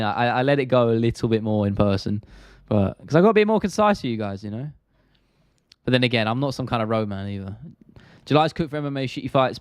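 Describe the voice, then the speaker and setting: A man's voice: mid-range voice, no room sound. South London male streamer, mid-range voice, casual and blunt, dry close sound. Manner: chatty, blunt, swears freely, drops T's. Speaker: MMA stream host. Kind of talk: casual live-stream chat reading viewer comments.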